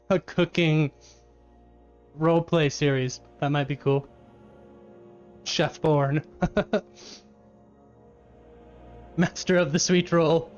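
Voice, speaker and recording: A man's voice: a little high, muffled recording. A man live-streaming from his home kitchen, chatting casually with his chat, laughing often and eating as he talks.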